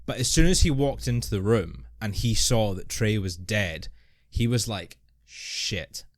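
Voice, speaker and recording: A man's voice: fairly low pitch, animated, moderate pace, dry recording, studio quality. A man co-hosting a podcast, patiently explaining and defending a film's plot in casual chat. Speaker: podcast co-host. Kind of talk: casual film review chat.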